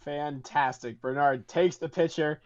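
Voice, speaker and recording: Brief: a somewhat higher-pitched American man comes through a dull, lo-fi mic. He is a tabletop player who stammers and giggles as he describes what his character does. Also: steady tone, a little slow, a little mellow, no echo. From United States. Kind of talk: playing a tabletop game.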